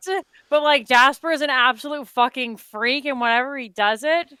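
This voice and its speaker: A woman co-hosting a meme reaction video, telling rambling, animated stories with casual swearing. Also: high voice, normal speed, clear, resonant tone, no echo. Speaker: co-host reacting to memes. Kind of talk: casual chat.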